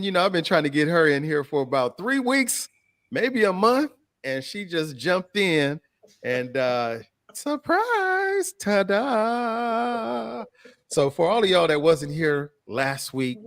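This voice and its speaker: A man hosting a casual live-stream chat. He sounds animated, laughs a lot and reads viewer comments aloud. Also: a little high, unhurried, dry recording, clean studio sound. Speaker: host.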